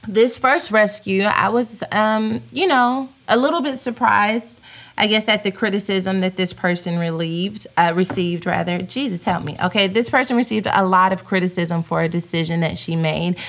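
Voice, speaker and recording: Chatty woman reading viewer comments. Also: mid-range voice. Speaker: podcast host. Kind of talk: casual live-stream chat reading comments. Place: home.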